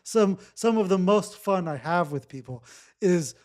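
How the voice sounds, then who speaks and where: Man, slightly high voice, unhurried, coaching breathwork with repeated instructions. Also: animated. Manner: slow, repetitive, gently instructive. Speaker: breathwork facilitator. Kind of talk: guided breathwork talk.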